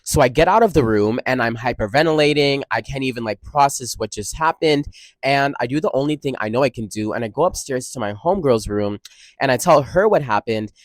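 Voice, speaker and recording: A young man in college telling a dramatic storytime vlog, expressive and full of slang and swearing. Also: medium pitch, a little fast, dry recording. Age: young adult. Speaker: college student vlogger.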